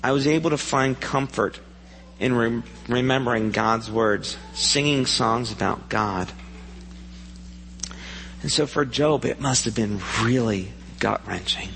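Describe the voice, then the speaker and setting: A man's voice: medium pitch, measured pace, gravelly, a bit bright, long reverb tail, slight background noise, rough recording. A man preaching a sermon in a church, earnest and asking the congregation questions. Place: church sanctuary.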